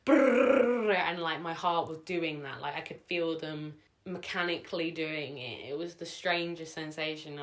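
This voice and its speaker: A woman's voice: low voice, a bit bright. A young woman vlogging at home, telling a personal story in a rambling, emotional way, full of "like" and "sort of". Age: young adult. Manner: emotional, sometimes tearing up.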